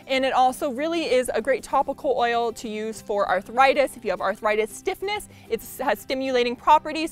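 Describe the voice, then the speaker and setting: High-pitched female specialist; cheerful, informative product presenter over soft background music. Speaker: essential oil specialist.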